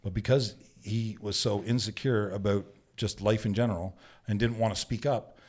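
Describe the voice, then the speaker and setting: A man's voice: fairly low pitch, normal speed. A man from Canada, a bushman guest on a podcast, telling stories in a casual studio chat, acting out quoted lines and often asking "right?". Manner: animated storyteller who acts out quotes, says "right?" often. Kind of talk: casual storytelling.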